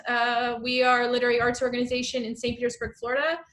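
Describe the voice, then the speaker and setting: Female interview host; enthusiastic, bright, slightly high voice. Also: completely flat delivery, fast, a little hiss or hum. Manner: enthusiastic, gushing praise. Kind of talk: casual interview chat.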